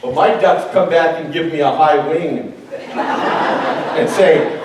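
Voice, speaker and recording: A man's voice: fairly high pitch, slow pace. A male pastor preaching a sermon in a church hall, talking in a joking, conversational way and acting out quoted voices. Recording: very echoey hall from far off, faint noise.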